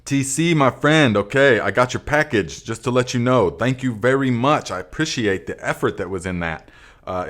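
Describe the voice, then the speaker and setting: A man from Northern California hosting a live gardening Q&A, reading out viewer comments and answering in a relaxed, rambling way with many fillers. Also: lowish voice. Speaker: podcast host. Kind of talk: live Q&A chat.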